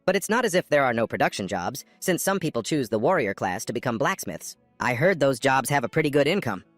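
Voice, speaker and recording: A man's voice: medium pitch, big pitch swings, a little fast, no room sound, soft background music, natural voice. Man doing a flustered young gamer hero. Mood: pondering.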